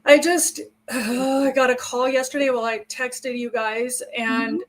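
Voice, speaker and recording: A woman's voice: high voice, flat delivery, slow, poor audio. A woman co-hosting a livestream, candidly sharing personal stories and getting emotional. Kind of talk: casual personal chat.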